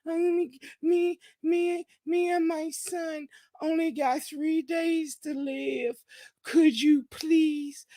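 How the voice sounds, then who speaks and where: A woman's voice: extremely high pitch, fairly even intonation, slow pace, dark tone, dry recording, clean studio sound. A woman mocking a stammering beggar woman. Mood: pleading. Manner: whiny, stammering plea. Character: pleading, stammering woman begging for money.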